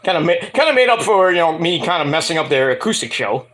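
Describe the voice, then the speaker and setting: New man vlogging, lively pitch, bright and forceful, loose and profane storyteller. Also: fast talker, slight background noise. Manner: animated, profane, acts out quotes in higher voices. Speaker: wrestling and music vlogger. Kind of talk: casual rambling storytelling to camera.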